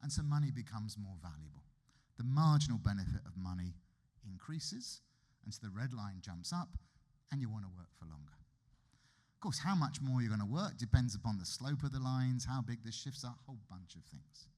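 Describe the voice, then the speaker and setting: A man's voice: on the low side, lively intonation, fairly quick, darkish tone. A man with a British accent giving a conference keynote lecture in a wry, conversational way with emphatic asides. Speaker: keynote speaker. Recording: reverberant hall.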